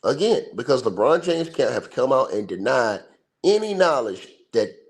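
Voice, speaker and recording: A man's voice: mid-range voice, sing-song, normal speed. A man hosting a livestream, giving casual sports commentary in an emphatic, slangy, repetitive way. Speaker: livestream host. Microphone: livestream mic.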